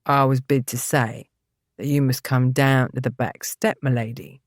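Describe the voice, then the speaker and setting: A woman's voice: a bass voice, steady tone, normal speed, no room sound, clean studio sound, pitched below the performer's own voice. A woman voicing a surly, hostile young male servant who mutters sullenly.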